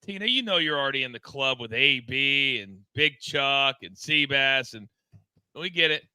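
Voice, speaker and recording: A man's voice: medium pitch, lively intonation, moderate pace, bright, forceful tone, smooth, no echo, rough recording. A man hosting a live sports betting stream, teasing his co-hosts and hyping up segments. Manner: playful, teasing banter and hype promos. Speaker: sports betting show host.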